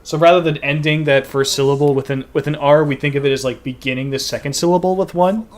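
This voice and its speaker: A man's voice: a little high, steady tone, fast. Chatty gamer man with a faint Maine accent. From Maine, USA. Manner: chatty, explains things at length. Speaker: gaming video host. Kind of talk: casual gaming commentary.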